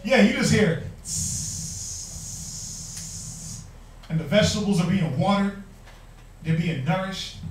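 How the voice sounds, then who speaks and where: High-voiced emphatic preacher man. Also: lively intonation, moderate pace, a little hiss or hum. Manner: emphatic, rhetorical questions, mock quoting. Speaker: Bible class teacher. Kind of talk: preaching-style Bible class. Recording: echoey room, mic far off.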